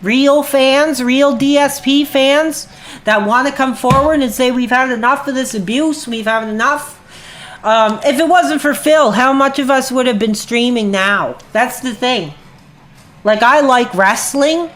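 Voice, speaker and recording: A woman streamer rants at her chat, heated and profane, her agitation boiling over. Her voice sits a bit on the high side. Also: a little slow. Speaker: livestreamer. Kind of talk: angry livestream rant.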